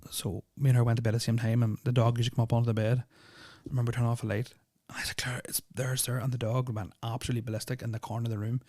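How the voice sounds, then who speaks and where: Young guy, podcast host, fast, flat-toned, rambling and uneasy, dry close sound. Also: medium pitch, dry recording. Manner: rambling, full of "like" fillers, restarts and swearing; nervous, uneasy retelling. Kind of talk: casual storytelling of personal experiences.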